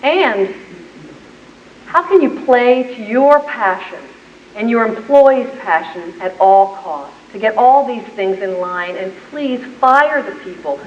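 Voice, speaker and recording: A woman's voice: a little high, animated, slow pace, a little hiss or hum. A woman business owner giving an inspirational speech, a vivid storyteller who acts out scenes, heard from afar in an echoey meeting room. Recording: echoey hall, far from mic, dull.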